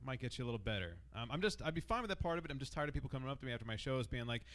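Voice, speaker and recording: A man doing stand-up at an open mic, dry and self-mocking as he works through his jokes. His voice sits at an ordinary middle pitch. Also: expressive, very fast, few pauses, a bit bright. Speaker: stand-up comic. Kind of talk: stand-up set.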